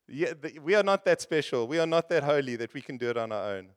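A man preaching to his congregation in an earnest, conversational sermon. His voice sits somewhat high for a man. He leans on rhetorical questions and talks straight to his listeners. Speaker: pastor.

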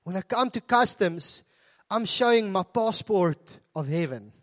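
A South African man with a notably high voice preaches from the pulpit. He is middle-aged, earnest and conversational, and he turns to the congregation with quick asides. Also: expressive. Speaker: pastor. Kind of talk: sermon. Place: church.

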